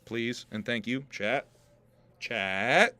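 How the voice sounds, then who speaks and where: A man's voice: medium pitch, extremely slow, sharp tone, dry recording. A man hosting a casual livestream podcast, joking with his chat, laughing often and swearing freely. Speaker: podcast host and rapper.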